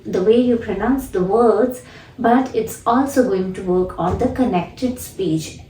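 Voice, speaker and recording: A woman English teacher explaining pronunciation deliberately, then repeating phrases to demonstrate. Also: on the high side, darkish tone, roomy sound, distant mic, slight background noise, low-quality recording. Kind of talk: spoken lesson with demonstration.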